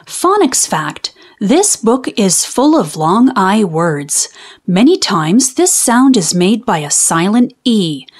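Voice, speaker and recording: A woman reading a children's book aloud and explaining phonics in a clear, teacherly way. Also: medium pitch, very animated, slow. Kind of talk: read-aloud storytime with phonics lessons.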